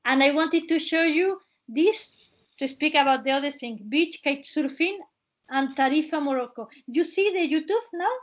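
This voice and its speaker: High-voiced Andalusian woman on a muffled call. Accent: Andalusian Spanish. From Cádiz province, Spain. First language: Spanish. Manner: halting English with frequent restarts and fillers. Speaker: webinar host and travel guide. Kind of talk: casual presentation over a video call. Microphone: video call.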